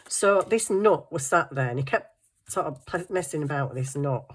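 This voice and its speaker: Woman, middle-aged, casual chatty storytelling, laughs a lot, slightly low voice. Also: lively intonation, normal speed, slightly rough. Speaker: craft vlogger. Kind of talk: casual chat.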